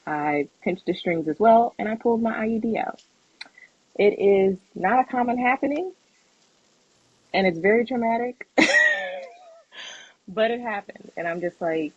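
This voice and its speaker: Husky young woman telling a story. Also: sits low, dry recording, lo-fi sound. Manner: animated, acts out quoted voices, laughs often. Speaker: podcast co-host. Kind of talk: casual podcast storytelling.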